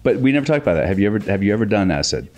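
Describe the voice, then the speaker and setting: A man appearing as a comedian guest on a podcast, chatting casually in an animated, profane way and laughing easily. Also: lowish voice, rapid-fire, faint music behind. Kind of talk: casual chat.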